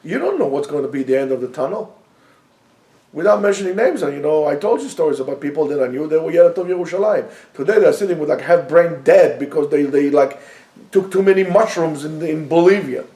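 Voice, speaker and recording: A man teaching a lively Torah class to students, joking and mixing in Hebrew phrases. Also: a little high, a little fast, echoey room.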